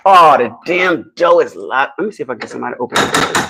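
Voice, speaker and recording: A man's voice: medium pitch, fast, vocal fry, slightly rough, no room sound, poor audio. A man from New Jersey with a New Jersey accent, chatting casually and animatedly with viewers on a live stream. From New Jersey, United States. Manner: animated, chatty, addresses viewers directly, laughs often.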